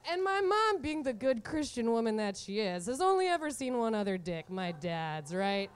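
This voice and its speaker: A woman in her twenties telling a comic story from her own life, animated and often laughing through the punchlines. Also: on the high side, moderate pace. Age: 20s. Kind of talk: live comedic storytelling.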